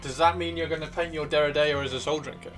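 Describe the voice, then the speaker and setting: A man's voice: a little high, fairly even intonation, fast talker, fairly bright tone, faint music behind. A man hosting a casual livestream, reading out viewer comments, playful and chatty, swearing freely and repeating himself. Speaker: livestream host.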